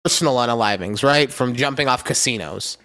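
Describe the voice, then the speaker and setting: A young man co-hosting a comedy podcast, talking animatedly with loud bursts and laughing rants. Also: medium pitch, a little fast. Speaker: podcast co-host. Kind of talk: casual comedic chat.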